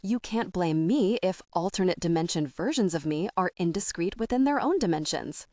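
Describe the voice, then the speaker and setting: A woman performs a wry, weary teenage boy. Her voice is fairly low, a little mellow and close to an everyday voice, with lively intonation at a normal speed, recorded at studio quality without echo.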